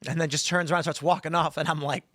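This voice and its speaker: A man hosting a podcast, telling stories in an animated way and acting out the voices in them. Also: fairly high pitch, very fast, no room sound, studio quality. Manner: animated storyteller, acts out quoted voices. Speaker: podcast host. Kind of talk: casual talk-show chat.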